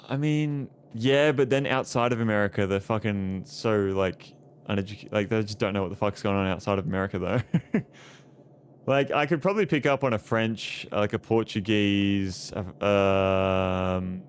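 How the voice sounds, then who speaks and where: A man's voice: on the low side, a little hiss or hum. A young Australian man streaming a game, chatting casually with viewers and reading their messages aloud in a loose, rambling way full of swearing. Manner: relaxed, rambling, swears a lot, reads chat aloud. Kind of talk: casual live-stream chat. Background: game music.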